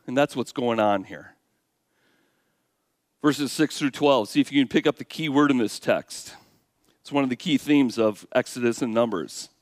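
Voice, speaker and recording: A man preaching a sermon, animated, swinging from hushed asides to loud exclamations. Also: fairly high pitch, dry recording, studio quality. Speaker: pastor.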